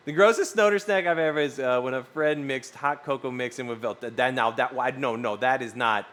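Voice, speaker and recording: A man's voice: mid-range voice, brisk, hardly any pauses. A man casually chatting with his stream audience, rambling through stories and swearing freely. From US West Coast. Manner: animated, swearing, rambling storytelling. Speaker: streamer reading chat. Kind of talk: casual live-stream chat.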